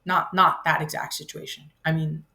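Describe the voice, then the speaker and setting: A woman's voice: sits low, moderate pace, gravelly. A woman in her fifties telling a personal story, rambling and breaking off mid-sentence, acting out the voices in it. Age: 50s. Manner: animated, acts out her own voice and others' in the story; rambling, self-interrupting. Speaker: vlogger.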